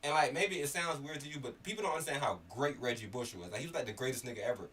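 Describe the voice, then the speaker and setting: A man from Miami telling stories in casual chat, animated and swearing, getting loud when worked up. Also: medium pitch, racing. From Miami area. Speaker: podcast co-host. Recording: slightly distant mic, faint background noise.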